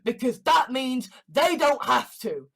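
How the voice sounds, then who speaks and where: A woman's voice: high-pitched, animated, slow pace, vocal fry. A woman with a British accent, preaching a heated, sarcastic sermon and mocking her opponents. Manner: sarcastic, heated, mocks opponents in shouted mimicry. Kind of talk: impassioned sermon rant.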